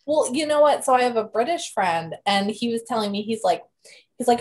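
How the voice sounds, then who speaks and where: A woman's voice: a little high, animated, brisk. A young woman from the United States co-hosting a podcast, chatting casually with frequent laughs and fillers. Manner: chatty, giggly, lots of fillers. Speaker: podcast co-host. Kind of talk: casual chat.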